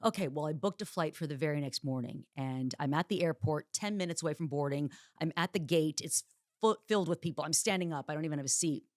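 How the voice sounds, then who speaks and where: A woman hosting a solo podcast, telling personal stories in a candid, chatty way with dark jokes. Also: sits low, quick pace, dry recording, studio quality. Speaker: podcast host. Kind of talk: solo podcast monologue, casual storytelling.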